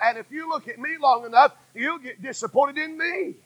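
A man, preaching a sermon that swings from loud cries to hushed tones. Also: very high-pitched, moderate pace, no room sound, poor audio. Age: 40s.

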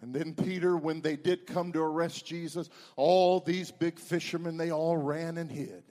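High-voiced preaching man in a reverberant church. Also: fairly even intonation, normal speed. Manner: dramatic preaching, swinging between loud and hushed. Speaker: pastor. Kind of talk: sermon. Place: church sanctuary. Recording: long reverb from a church hall.

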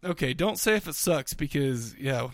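A man co-hosting a podcast in casual chat, rambling with many restarts and fillers, excitable and quick to laugh. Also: mid-range voice, no echo, clean studio sound. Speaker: podcast co-host.

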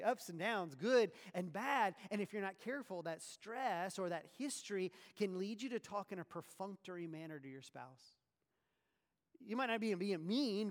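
Animated preaching man in a reverberant hall. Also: sits high. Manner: animated, full of rhetorical questions and sarcastic asides. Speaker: pastor. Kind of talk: sermon.

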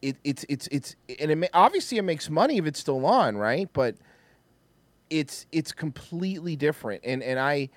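A man in casual chat who gets animated, swears and acts out cartoon lines. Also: a little high, moderate pace, no room sound.

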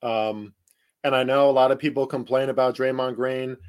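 A man's voice: medium pitch, fairly even intonation, normal speed, smooth. A man with a New Jersey accent hosting a solo sports betting podcast, talking emphatically with rhetorical questions and fillers.

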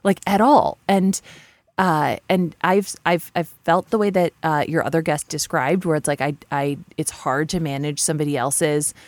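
Speaking in a fairly low voice with no echo, this forties-aged female guest tells candid conversational stories. She curses bluntly, pokes fun at herself, and peppers her talk with fillers and restarts.

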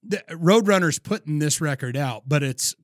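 A man's voice: animated, moderate pace, no room sound, studio quality. A man co-hosting a podcast in casual chat, emphatic and swearing freely. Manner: profane, emphatic, pushy pitch. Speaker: podcast co-host.

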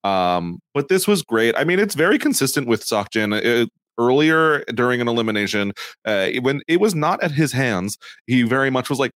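Lively mid-pitched man chatting on a podcast. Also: moderate pace, dry recording, clean studio sound. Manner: chatty, laughs often, acts out quotes in high voices. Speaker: podcast co-host. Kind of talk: casual recap chat.

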